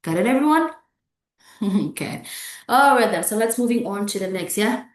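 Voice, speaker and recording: A woman's voice: medium pitch, lively intonation, normal speed. A woman with an Indonesian accent teaching English pronunciation, drilling words aloud and checking in with "okay?" and "yeah?" between them. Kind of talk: classroom lecture with repeated model words. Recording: echoey room.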